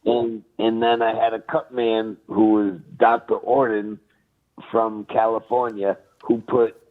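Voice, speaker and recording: A retired boxer calls in as a guest, talking in a slow, unhurried way with a blunt, laughing manner. His voice sits in a middle range for a man and comes through a thin, tinny phone line. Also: lowish voice, flat delivery. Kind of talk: casual interview chat. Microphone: phone call.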